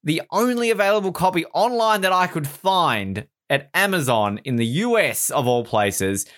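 A man co-hosting a casual podcast, chatting and telling stories, often slipping into quick voices for other people. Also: fairly high pitch. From Canada. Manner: animated storytelling, does quick voices for others. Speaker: podcast co-host.

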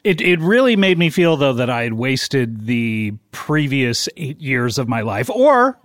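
Deadpan male comedy podcast co-host, dry close mic, mid-range voice. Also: medium pitch, unhurried, no echo. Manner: dry, deadpan joking with playful mock questions. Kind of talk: casual comedic chat.

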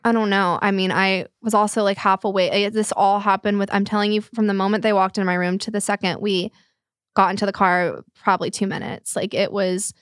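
A woman's voice: mid-range voice, fairly even intonation, brisk, dry recording, clean studio sound. A young woman telling a painful personal story in a podcast talk, tearful and rambling with many fillers. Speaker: guest.

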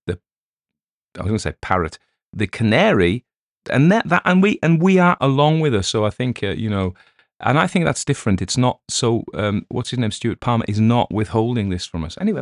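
A man's voice: low-pitched, dry recording, clean studio sound. An Englishman hosting a podcast, chatting casually in a rambling way, with many restarts and asides. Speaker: podcast host. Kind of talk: casual spoken afterword.

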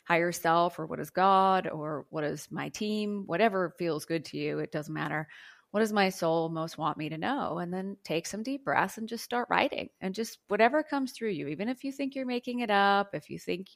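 A soft-voiced woman speaking as a guest on a spiritual interview, teaching about channeling in a flowing, earnest way. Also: on the low side, normal speed, vocal fry, hardly any pauses.

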